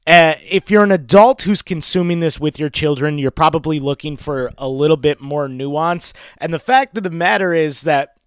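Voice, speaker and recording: Male podcast co-host, blunt and sarcastic, slightly higher pitch, dry close sound. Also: moderate pace, hardly any pauses, clear, resonant tone, no room sound. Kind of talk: casual movie review chat.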